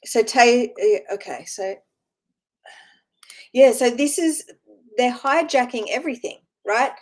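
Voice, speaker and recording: In a loose, informal spiritual talk, a woman with a fairly high voice rambles, restarts and repeats words, often checking in with listeners by asking "right?" She sounds expressive, earnest and encouraging throughout, though the recording quality is low.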